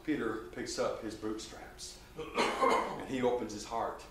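A man preaching a sermon in a church, emphatic, swinging between loud and quiet. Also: fairly low pitch, fairly even intonation, measured pace, heavy background noise. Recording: echoey church hall from a distance.

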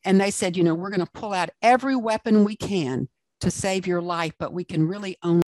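A woman's voice: on the low side, a little fast, darkish tone, no room sound. A woman from South Carolina with a Southern accent, a guest author and speaker telling her story in an interview in an earnest, emphatic way.

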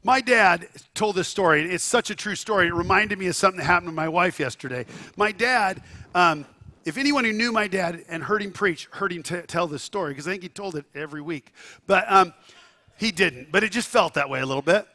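A male pastor preaching a sermon, telling stories with lively asides to the congregation and sudden shouts. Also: high voice, a little fast. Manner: animated storytelling with asides to the congregation.

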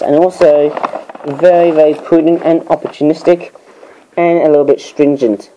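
A hoarse man in a casual, rambling vlog, chatting about and handling toy birds at home, tagging his thoughts with "I suppose". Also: on the high side, warm tone, slight background noise, low-quality recording. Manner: rambling, filler-heavy, keeps tagging "I suppose". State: hoarse, voice giving out. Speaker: toy review vlogger. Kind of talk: casual rambling product show-and-tell.

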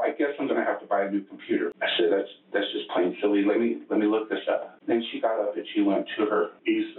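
A man recounting events in a police interview, rambling and halting with many restarts. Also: fairly low pitch. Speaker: interrogation suspect. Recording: echoey, distant, phone-like interrogation room audio.

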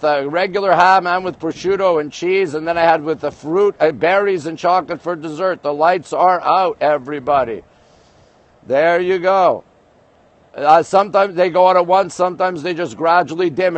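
A man's voice: fairly high pitch, lo-fi sound. New man live-streaming viewer chat. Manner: greets viewers, reads and answers comments. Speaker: livestream host. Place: outdoors at night above the city skyline.

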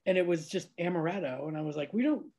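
A woman's voice: sits low, fairly even intonation, fast talker, gravelly, a little mellow. A woman from upstate New York hosting a casual interview, chatty and full of fillers, laughing often. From Niagara Falls, New York, USA. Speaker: podcast host. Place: lives abroad, recorded at home with cats.

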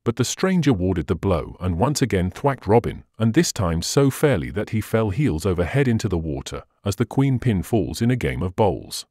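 A man narrating a classic adventure tale as an audiobook reader, expressive and steady. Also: on the low side, moderate pace, hardly any pauses, dry recording, studio quality. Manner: expressive storytelling. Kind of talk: scripted narration.

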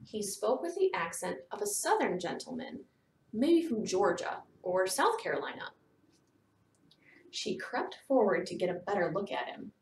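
A woman narrating a children's novel aloud, in steady storytelling that softens to near whispers. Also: medium pitch, moderate pace, slight background noise. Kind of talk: children's book read-aloud. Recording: echoey room, distant mic.

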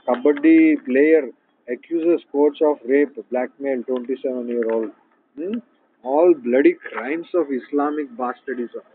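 A man's voice: mid-range voice, unhurried. Man, angry rambling news rant, muffled tinny line with a faint hiss. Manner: angry, ranting, peppered with "huh?" and "okay?". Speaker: channel host. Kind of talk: rambling monologue reading out news headlines. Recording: tinny phone-like audio with faint noise.

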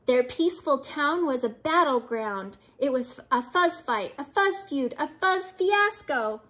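Slow, lively grandmother reading aloud. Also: sits high. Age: older. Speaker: storybook reader. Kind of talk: children's read-aloud narration.

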